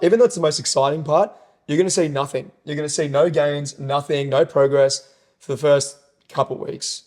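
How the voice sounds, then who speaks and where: A man's voice: a little high, darkish tone. A man co-hosting a fitness podcast as a personal trainer, talking with enthusiasm, rambling a little and swearing casually.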